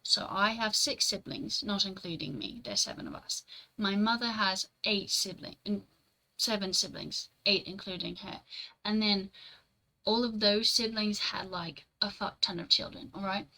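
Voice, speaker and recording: A young woman streamer chats loosely with her viewers, answering their messages as she goes. Her voice is bright and forward, sitting at a middle pitch. She rambles casually, drops the odd swear word and laughs easily. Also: animated, a little slow, poor audio. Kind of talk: casual live-stream chat, reading and answering chat.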